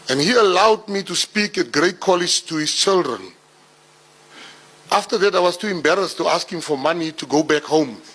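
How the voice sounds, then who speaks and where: A South African man in his forties, telling life stories to an audience in an animated way, building to laughing punchlines. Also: on the high side, fairly quick, breathy edge, poor audio. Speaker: public speaker. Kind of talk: storytelling talk.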